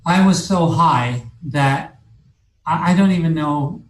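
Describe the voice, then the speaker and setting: A man's voice: fairly high pitch, slow pace, roomy sound, poor audio. A man telling a long personal story in casual talk, rambling and profane, with many restarts and fillers. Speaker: guest telling his story.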